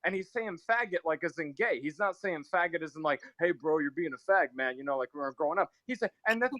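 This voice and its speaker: A man on a live stream, arguing aggressively and profanely, swinging between shouting and sudden quiet. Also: on the high side, lively intonation, fast talker, dry recording, poor audio. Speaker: guest on a live call-in stream. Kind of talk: heated live-stream argument.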